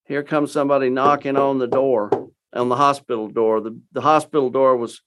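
An older man from Texas, a guest in an interview, telling his story in a folksy, halting way with many fillers and restarts. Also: mid-range voice, fairly even intonation, a bit bright, a little hiss or hum.

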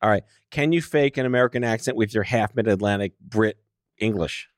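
A man's voice: fairly low pitch, a little fast, no echo, studio quality. A man from New York hosting a casual comedic interview, teasing his guest with puns and jokes. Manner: joking, teasing, punning. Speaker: podcast host.

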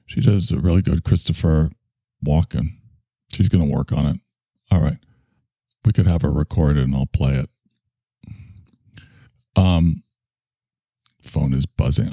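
Older guy in his 60s going off on tangents, deep voice, super dry close sound. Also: vocal fry, warm tone, slightly rough, dry recording. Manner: digressive, crude and joking, trails off. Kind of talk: rambling solo monologue.

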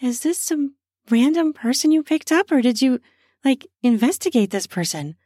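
A woman's voice: high-pitched, animated, normal speed, warm tone, no room sound, clean studio sound, pitched above the performer's own voice. A woman voicing a nervous, curious married woman who hesitates and second-guesses herself, in improvised erotic storytelling. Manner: hesitant, breathy, unsure.

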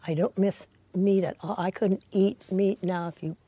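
A woman's voice: medium pitch, fairly even intonation, moderate pace, mellow, husky. An older woman near ninety talking casually and wryly about cooking and her age. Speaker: interviewee. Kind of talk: casual conversation.

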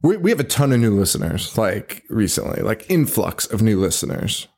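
A man's voice: fairly low pitch, very animated, moderate pace, gravelly, a little mellow, slightly rough. A man co-hosting a casual horror podcast chat, talking loosely with lots of swearing and restarts. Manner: loose and profane, swears often; rambling, with restarts. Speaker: podcast co-host.

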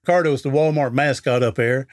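Talking fast in a mid-range voice, this middle-aged author and speaker is a guest on an interview podcast. He tells a folksy story conversationally, performing the lines of each character.

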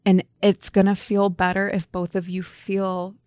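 A woman's voice: mid-range voice, monotone, measured pace, darkish tone, dry recording, studio quality. A woman co-hosting a podcast in casual chat, retelling stories with quoted dialogue. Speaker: podcast co-host.

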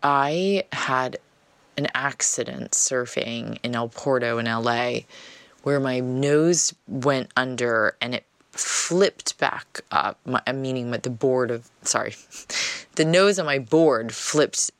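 A woman's voice: a bass voice, slow, no room sound. A woman telling a personal story in a casual, chatty monologue, often dropping "like" as filler.

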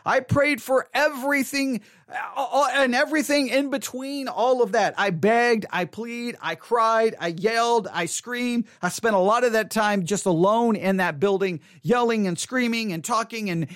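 A man with a fairly high voice tells a personal testimony to an audience. He talks earnestly, repeats himself, and moves between hushed and emphatic passages. The sound is dry and close. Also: normal speed, dry recording. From Texas. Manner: earnest, repetitive, swings between quiet and emphatic. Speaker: speaker addressing an audience.

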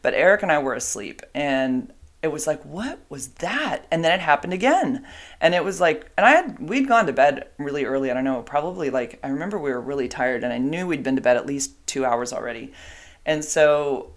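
A woman's voice: deep voice, expressive, fairly quick. A middle-aged woman casually telling a long personal story, rambling with fillers and asides. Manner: chatty, rambling, with fillers and asides to her dogs.

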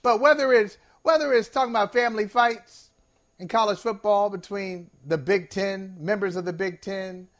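A man with a high-pitched, slightly bright voice speaks at normal speed in a steady tone while hosting a sports talk show. He is discursive and emphatic, sincere yet playful, with playful asides and laughs at himself.

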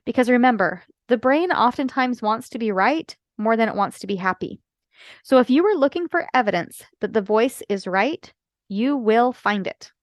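A woman's voice: a little high, animated, normal speed, no room sound. Earnest woman podcaster, dry close sound. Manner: earnest, explanatory, frequent "right?" asides. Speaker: podcaster and life coach. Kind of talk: solo podcast talk.

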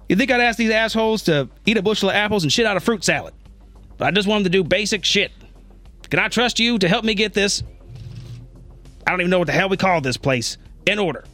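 A man's voice: sits high, moderate pace, dry recording, soft background music, voice pushed up. A man voicing a hot-tempered older general who barks and curses. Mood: angry rant. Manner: yelling, profane, brusque.

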